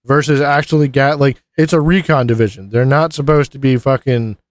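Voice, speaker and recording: A man's voice: mid-range voice, a little fast, dry recording. A man co-hosting a casual podcast, rambling with lots of fillers and swearing. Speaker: podcast co-host. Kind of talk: casual profane chat.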